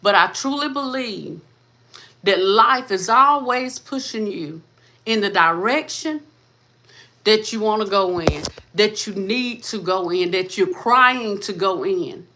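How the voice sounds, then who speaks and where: Fervent bright-voiced woman preaching encouragement. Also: mid-range voice, lively intonation, takes it slowly. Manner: repetitive, fervent, addresses listeners as sis and baby. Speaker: host of a motivational channel. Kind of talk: impassioned faith-based motivational talk.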